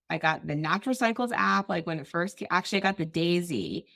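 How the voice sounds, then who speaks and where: A woman guest on a casual podcast interview, talking in an animated way, laughing easily and jumping into quoted voices. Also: lowish voice, quick pace, vocal fry, no room sound, clean studio sound.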